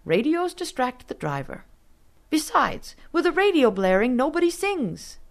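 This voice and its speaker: A woman's voice: sits high, sing-song, measured pace, voice pushed up, exaggerated voice. Woman doing a stern, curt father. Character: stern strict father driving the family car.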